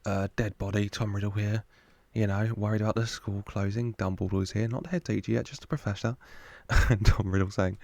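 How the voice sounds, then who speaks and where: A man's voice: lowish voice, fairly even intonation, brisk, gravelly, few pauses, a little mellow, no room sound. A man hosting a casual film reaction, chatty, joking with the screen and laughing often. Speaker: reaction video host.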